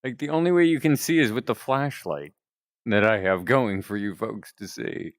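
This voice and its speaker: A man's voice: fairly low pitch, moderate pace, dry recording. A man streaming a game and chatting playfully with his viewers, calling them folks. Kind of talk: casual game-streaming chat.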